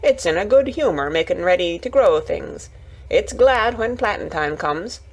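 Woman putting on a gruff old gardener. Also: lowish voice, expressive, normal speed. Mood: plain. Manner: blunt, grunting, dialect-heavy. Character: gruff old male Yorkshire gardener, surly.

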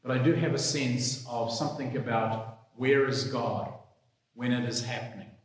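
Priest preaching in an echoey church. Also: male voice, mid-range voice, fairly even intonation, moderate pace. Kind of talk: gospel reading and sermon.

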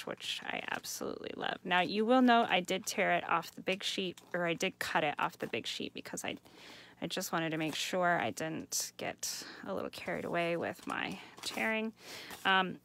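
Streaming from a home setup, a craft host leads a live demonstration in a mid-range, creaky, somewhat bright voice. Her manner is enthusiastic and talkative, and she calls her viewers "you guys."

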